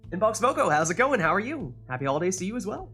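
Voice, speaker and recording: Upbeat male stream host, lively pitch. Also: very fast, husky, soft background music. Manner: upbeat, chatty, checks in with players. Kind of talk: casual livestream commentary.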